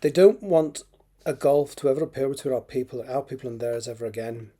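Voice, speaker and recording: A man's voice: medium pitch, a little fast, warm tone, a little hiss or hum, natural voice. A man voicing an earnest young Scottish man with a Scottish accent, explaining steadily in a storybook reading. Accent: Scottish (put on).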